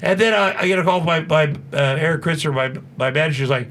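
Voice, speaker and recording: A man in his sixties telling a story as a studio guest, profane and animated, acting out what people said. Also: fairly high pitch. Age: 60s. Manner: profane, animated, fast-talking storyteller who acts out quotes. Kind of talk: casual storytelling.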